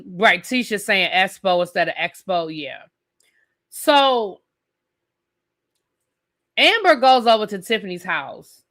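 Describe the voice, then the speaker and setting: A woman with a bright, forceful voice who reviews reality TV on her live stream. She rants with sass and strong opinions and keeps talking straight to her viewers. Her voice sits at an ordinary pitch for a woman.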